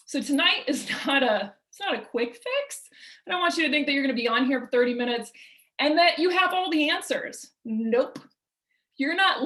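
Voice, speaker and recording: Over a video call with a roomy echo, a woman with a high, slightly bright voice leads a motivational workshop. She speaks emphatically and punchily, asking rhetorical questions.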